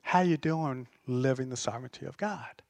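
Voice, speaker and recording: A man's voice: medium pitch, moderate pace, vocal fry, darkish tone, no room sound. A man preaching a sermon as pastor, passionate and emphatic.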